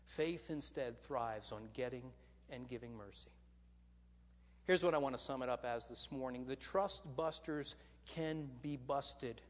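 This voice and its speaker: A man preaching a sermon as pastor, animated and asking the congregation rhetorical questions. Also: medium pitch, unhurried, big-room sound. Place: church.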